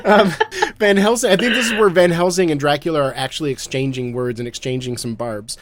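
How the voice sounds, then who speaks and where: Animated laughing podcast host man. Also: on the high side, fairly quick. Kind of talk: casual movie-review chat.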